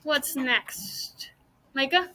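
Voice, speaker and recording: A woman's voice: high voice, animated, extremely slow, pushed and bright, poor audio. A woman teaching a classroom mini lesson, patiently walking students through each step with guiding questions.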